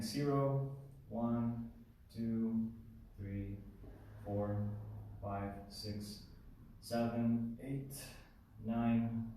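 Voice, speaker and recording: A man's voice: medium pitch, dark tone. A man explaining geometry to viewers in a casual, thinking-aloud way, often correcting himself as he goes. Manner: thinking aloud, self-correcting, informal asides. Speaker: math video teacher. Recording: echoey room, mic far off.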